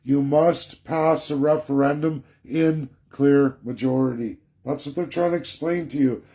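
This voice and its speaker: Insistent man with a mellow voice. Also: fairly high pitch, steady tone, unhurried. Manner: insistent, repetitive, preachy. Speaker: live stream host. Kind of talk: political live stream monologue.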